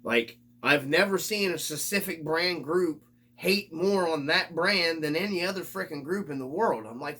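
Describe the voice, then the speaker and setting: A man's voice: on the high side, moderate pace, pushed and bright. A man hosting his own hobby vlog, ranting in an exasperated, casual way and swearing freely. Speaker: RC hobby channel host.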